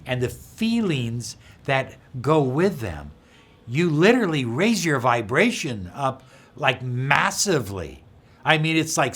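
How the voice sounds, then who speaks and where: A middle-aged man speaks slowly and earnestly in a motivational self-help talk. His pitch moves a great deal, rising and sinking as he coaches, and he sometimes falls to a soft whisper. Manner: slow, earnest, drops to a soft whisper for affirmations. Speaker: law of attraction teacher.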